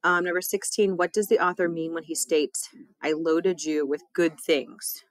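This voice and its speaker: A woman's voice: sits low, fairly even intonation, moderate pace, no echo. A woman teacher reading a test and a poem aloud for her students, in a casual, chatty way with small laughs.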